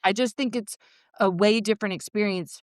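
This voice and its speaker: A woman therapist hosting a podcast in casual conversation, frank and profane, animated as she acts out her own inner voice. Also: medium pitch, normal speed, dry recording, studio quality.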